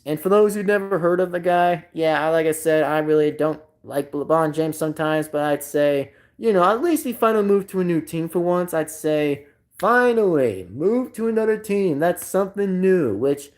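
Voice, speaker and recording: A woman's voice: low-pitched, darkish tone. A woman streamer chatting casually on a livestream, rambling and repeating herself, often laughing.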